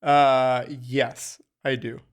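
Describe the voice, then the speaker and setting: Smooth-voiced, earnest male co-host. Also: mid-range voice, little pitch movement, drawn-out words. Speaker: film podcast co-host. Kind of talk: casual chat.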